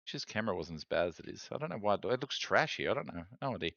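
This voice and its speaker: A man's voice: lowish voice, fast, creaky, no room sound, lo-fi sound. An Australian man hosting a casual live stream, chatting with viewers and reading chat aloud. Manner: chatty, reads chat aloud, animated rants. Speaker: streamer host.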